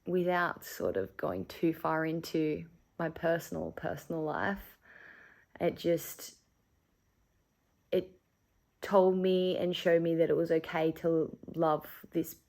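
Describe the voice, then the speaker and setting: Creaky-voiced woman telling a candid story. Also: deep voice, slow pace, long pauses, darkish tone. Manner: candid, chatty, swears freely, many "like" fillers. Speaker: vlogger. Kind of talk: casual storytelling to camera.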